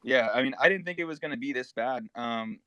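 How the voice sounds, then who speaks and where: Fast-talking man in rambling market chat. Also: mid-range voice, muffled recording, a crowd in the background. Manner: rapid, rambling, heavy use of "like". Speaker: market commentator. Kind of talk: casual audio-chat discussion.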